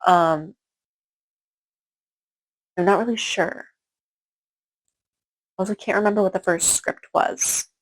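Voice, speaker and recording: A woman's voice: medium pitch, slow pace, pauses often, low-quality recording. Rambling woman recapping a book. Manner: rambling, filler-heavy retelling with frequent "like" and "um". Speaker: book reviewer. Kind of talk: casual chapter-by-chapter book recap.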